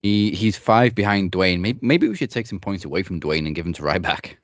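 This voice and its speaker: A man's voice: low-pitched, brisk, dry recording. A man co-hosting a wrestling podcast in casual, joking chat, running a points tally. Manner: wry, joking, runs the points segment. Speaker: podcast co-host.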